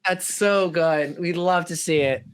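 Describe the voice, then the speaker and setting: A man's voice: a little high, unhurried, smooth. A young adult man, a musician guest on a podcast, chatting casually and enthusiastically agreeing with the hosts.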